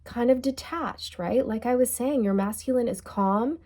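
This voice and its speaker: Slightly high and a little mellow, this woman's voice moves at an ordinary pace as she reads tarot cards. She keeps it loose and conversational, repeating phrases and laughing whenever she trips over her words.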